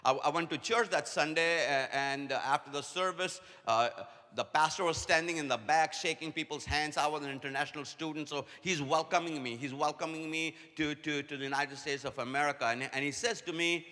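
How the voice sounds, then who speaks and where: A man, giving a humorous preaching keynote at a conference as a playful storyteller who rattles off quick repetitions. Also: a little high, sharp tone. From India. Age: 60s. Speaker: conference speaker. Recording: long hall reverb, faint noise.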